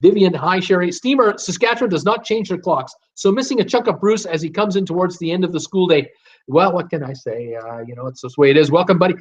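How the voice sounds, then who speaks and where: A man's voice: sits high, fast. A man hosting a live stream, reading viewer comments aloud and greeting each viewer by name in a chatty, upbeat way. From United States. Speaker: host of a live cruise Q&A stream. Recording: slightly dull, lo-fi stream audio.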